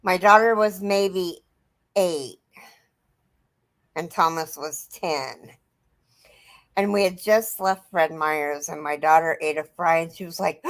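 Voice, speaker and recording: A middle-aged woman chatting casually on a livestream, telling an animated family story. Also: on the low side, slow, long pauses. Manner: animated storyteller, quotes her kids.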